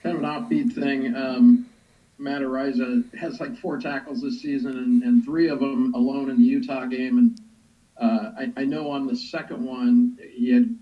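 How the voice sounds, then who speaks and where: Male reporter, distant and muffled. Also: medium pitch. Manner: conversational, with some restarts. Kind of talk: press conference questions.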